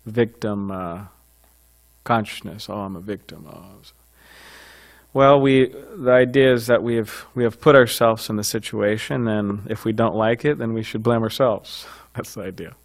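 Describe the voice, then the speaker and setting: A man's voice: on the low side, moderate pace. A man giving an informal scripture class, talking conversationally with frequent fillers and light chuckles.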